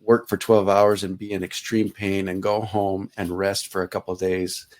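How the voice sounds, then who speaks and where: A middle-aged man, a guest on a talk show, telling personal stories in a relaxed way. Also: sits low, normal speed. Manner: relaxed, anecdotal. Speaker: guest speaker. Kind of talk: casual storytelling in an interview.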